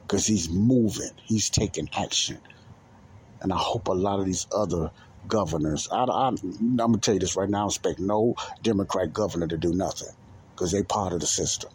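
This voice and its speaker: Solo host, male, deep voice, heated and repetitive delivery, slight background hiss. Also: a little fast, darkish tone. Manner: preachy, repetitive, rising to emphatic outbursts. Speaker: podcast host. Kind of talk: angry solo monologue.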